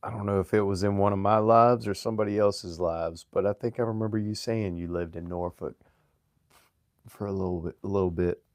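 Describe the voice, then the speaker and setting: A very low-pitched man with a mild Virginian Southern accent talks casually to his livestream viewers. He speaks in a relaxed, halting way, restarting sentences and clearing his throat often. The sound is dry and close, with no room echo. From Virginia, USA. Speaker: livestream host.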